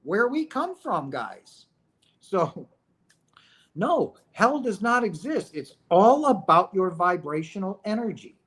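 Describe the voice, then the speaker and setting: A man's voice: sits high, sing-song, slow pace, a bit bright. A man hosting a spiritual livestream, talking emphatically and preachily, firing off rhetorical questions and often asking "right?" and calling out to "guys". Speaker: streamer talking about near-death experiences.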